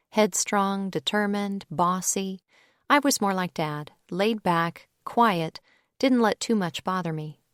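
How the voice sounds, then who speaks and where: A woman narrates a young adult audiobook in the first person with a relaxed, conversational telling. Her voice sits mid-pitch for a woman, recorded close and dry with no room sound. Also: dry recording.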